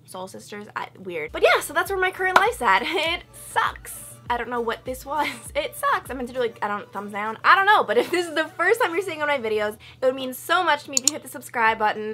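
A young woman vlogging, telling a story in a chatty, animated way and acting out quotes with loud high outbursts. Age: young adult. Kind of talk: casual storytelling vlog.

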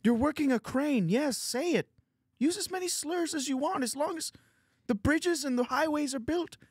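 A man putting on an impression of a lecturing Canadian male pundit with a high, nasal, Kermit-like whine. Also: normal speed, dry recording, clean studio sound. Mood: ranting. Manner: lecturing, preachy and indignant.

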